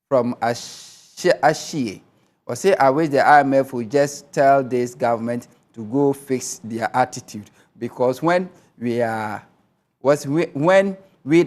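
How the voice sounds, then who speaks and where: Ghanaian man hosting, reading viewer texts. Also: mid-range voice. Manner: brisk, reads texts aloud with Twi asides. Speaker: TV host. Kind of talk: reading viewer messages on air.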